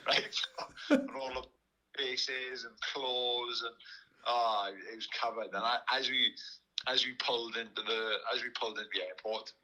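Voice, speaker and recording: On a roughly recorded podcast, a Welsh former boxer casually tells a meandering story, frequently laughing and starting his sentences over. His medium-pitched voice has a sharp, slightly rough tone.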